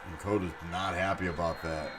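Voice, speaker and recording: A man giving live play-by-play commentary on a game stream, excitable, with chatty asides. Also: sits low, fairly quick, a loud crowd. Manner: excitable, rises to shouts on big plays, chatty asides.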